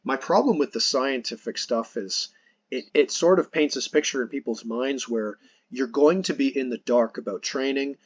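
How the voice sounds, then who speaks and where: A man's voice: mid-range voice, normal speed, no room sound, muffled recording. A man hosting a podcast, earnestly explaining his points in casual conversation, restarting phrases as he goes. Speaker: podcast host.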